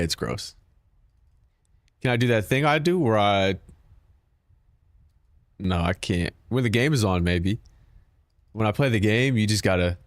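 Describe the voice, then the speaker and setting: A man's voice: low-pitched, no room sound. A man streaming a game, chatting casually and profanely with his viewers, joking and talking back to chat.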